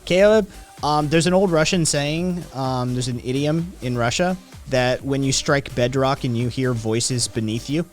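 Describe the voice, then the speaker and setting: A man's voice: medium pitch, a little slow, faint music behind. A man hosting a casual livestream, reading statistics and chat messages aloud and reacting with profane, sardonic comments.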